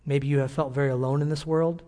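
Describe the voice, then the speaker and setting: A pastor closing a church service with a Bible verse and a gentle, earnest prayer to the congregation. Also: male voice, fairly high pitch, steady tone, fast talker.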